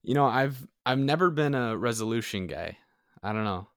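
A man's voice: medium pitch, lively intonation, normal speed, a bit bright, no room sound, studio quality. A young man chatting casually as a podcast guest. He is easygoing and gives short replies. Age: young adult. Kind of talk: casual chat.

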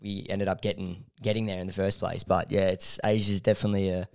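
A man's voice: deep voice, little pitch movement, fast talker, gravelly, darkish tone, smooth, no room sound. A young man chatting casually and loosely about travel. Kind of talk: casual chat.

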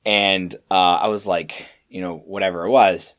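A young man co-hosting a podcast, telling work stories in a rambling, animated way with lots of fillers and restarts. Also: sits low, moderate pace. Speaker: podcast co-host. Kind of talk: casual storytelling chat.

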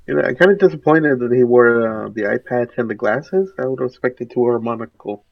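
Young male co-host, sarcastic and profane, gravelly tone. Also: mid-range voice, fairly quick. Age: young adult. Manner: crude, sarcastic, swears a lot. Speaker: podcast co-host. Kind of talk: casual chat. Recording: dull lo-fi mic.

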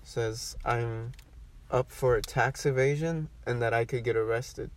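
A man's voice: medium pitch, fairly even intonation, unhurried. A young man casually telling a story to friends in a car, rambling and swearing, with lots of fillers. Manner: rambling, profane, many fillers. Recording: distant mic, faint background noise.

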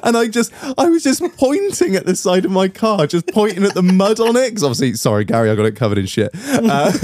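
A young man tells a story in casual podcast chat, swearing freely and laughing as he goes. His voice sits a little high and swings widely in pitch. The recording is dry, with no room echo. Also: big pitch swings, fairly quick, hardly any pauses, a little mellow. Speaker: podcast host.

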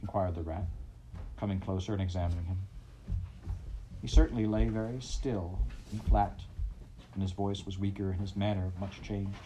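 A man reading a classic storybook aloud in a measured, expressive way. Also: sits low, a little hiss or hum, low-quality recording. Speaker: audiobook narrator.

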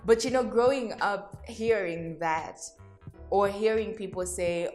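A woman's voice: mid-range voice, measured pace, darkish tone, soft background music. A woman hosting a solo podcast, speaking candidly and reflectively to her listeners, addressing them directly and laughing at herself. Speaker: podcast host.

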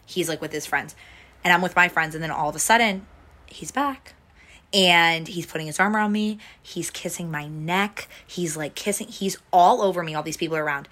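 A young adult woman recounts a night out in loose, chatty storytelling, full of restarts and "like" fillers. Her voice sits low, yet it has a bright, forward edge. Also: normal speed. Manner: rambling, heavy use of "like" fillers, restarts. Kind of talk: casual storytelling chat.

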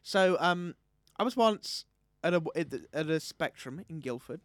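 A young man co-hosting a casual podcast chat, telling animated stories and breaking into loud comic impressions. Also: on the high side, moderate pace, dry recording, clean studio sound. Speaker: podcast co-host. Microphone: studio microphone.

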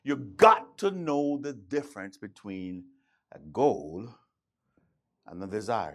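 Lively, emphatic male preacher. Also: lowish voice, slow pace, long pauses. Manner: emphatic, repeats key phrases, stammering restarts. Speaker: pastor. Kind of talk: sermon.

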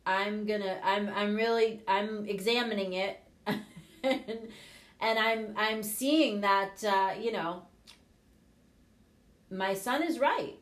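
A woman's voice: medium pitch, slow pace, long pauses. A middle-aged woman coach and show host, talking frankly and casually, with the odd swear word. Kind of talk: casual motivational talk. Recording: echoey room.

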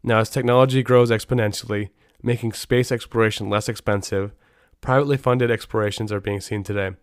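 A man's voice: fairly low pitch, fairly even intonation, brisk, clean tone, no echo, studio quality. A middle-aged man hosting a podcast, telling stories in a rambling way with many restarts. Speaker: podcast host. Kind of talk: casual podcast storytelling.

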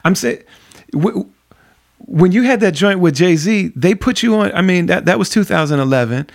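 A man's voice: high voice, animated, moderate pace, creaky. A man hosting a podcast interview, telling stories in a casual way, full of "you know" and restarts. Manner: storytelling, many fillers like "you know". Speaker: podcast host.

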